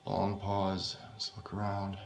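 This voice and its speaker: A man reading his own first-person horror story aloud, in a halting, unpolished way with frequent swearing. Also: sits low, monotone, creaky, over a noisy crowd.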